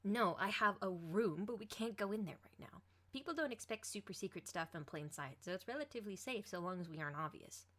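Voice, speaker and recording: A woman voicing a flustered, secretive teenage girl superhero, hushed and nervous. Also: medium pitch, lively intonation, fairly quick, hardly any pauses.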